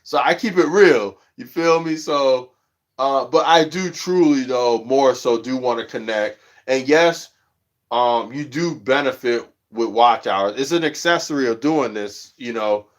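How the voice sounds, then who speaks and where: A man hosting his own livestream in loose, slangy casual chat, animated when he tells a story and a bit stuffy from allergies. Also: a little slow. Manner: animated storytelling, jumps high when quoting others; slangy, says "you know what I'm saying" often. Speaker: livestream host.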